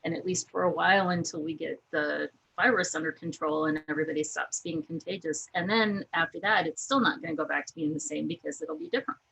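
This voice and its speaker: A woman guest telling lively anecdotes in casual talk, laughing often. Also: low voice, quick pace, vocal fry, hardly any pauses, husky, low-quality recording. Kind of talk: casual storytelling.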